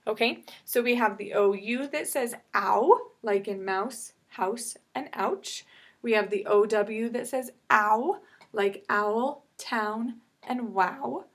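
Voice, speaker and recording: A woman teaching an online reading lesson, brisk and explanatory, checking in with "okay?" after each point. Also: fairly high pitch, a bit bright. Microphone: computer mic with screen share.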